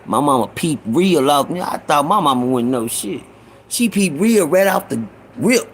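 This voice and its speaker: A man's voice: on the high side, lively intonation, moderate pace, a little hiss or hum. A man telling a rambling, profane story from his own life in a casual way, with many restarts. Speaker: storyteller host.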